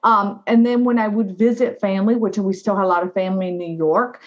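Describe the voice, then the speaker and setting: Animated woman telling her story. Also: mid-range voice, fairly quick. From United States. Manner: animated, frequent "right?" and "you know". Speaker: guest, diversity officer. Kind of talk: conversational interview storytelling. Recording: slightly dull lo-fi audio.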